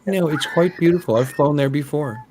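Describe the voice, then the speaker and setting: A man's voice: fairly high pitch, brisk, a little mellow, slight background noise. Chatty man hosting a live stream. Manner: chatty, greets viewers, repeats himself when thinking. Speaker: host of a live hangout show. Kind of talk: casual live-stream chat. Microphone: live stream call.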